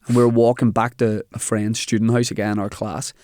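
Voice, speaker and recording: A man's voice: on the low side, fairly quick, no echo, studio quality. A young man with a Northern Irish accent, a comedian telling a funny story in casual chat. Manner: animated anecdote telling with quoted dialogue. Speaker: comedian guest.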